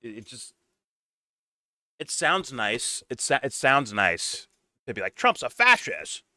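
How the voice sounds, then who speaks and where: A man's voice: mid-range voice, expressive, slow pace, sharp tone. A man co-hosting a casual political commentary show, talking bluntly and sarcastically with frequent swearing. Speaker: podcast co-host.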